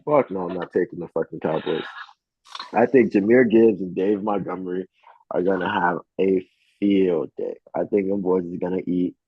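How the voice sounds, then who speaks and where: On this laid-back sports betting podcast, the male co-host curses liberally and spins lively stories at a normal speed. His low, slightly rough voice carries no echo, but the audio sounds thin, like it came through a phone.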